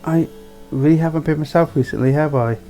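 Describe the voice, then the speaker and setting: Brief: man playing a stiff, formal young noble, slightly high voice, faint music. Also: a little fast, dark tone, lightly acted, low-quality recording. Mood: reflective.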